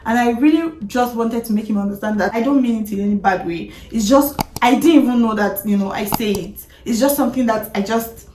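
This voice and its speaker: A woman's voice: on the high side, darkish tone, a little hiss or hum. A woman in her thirties with a Nigerian accent, chatting candidly to camera as a vlogger, talking with frequent laughs and restarts. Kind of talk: candid personal chat to camera. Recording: echoey room.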